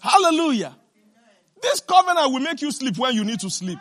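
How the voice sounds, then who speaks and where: A woman preacher delivering an emphatic sermon, asking the congregation question after question and breaking into shouts and laughter. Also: high voice, big pitch swings, breathy edge. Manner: asks the congregation rapid rhetorical questions.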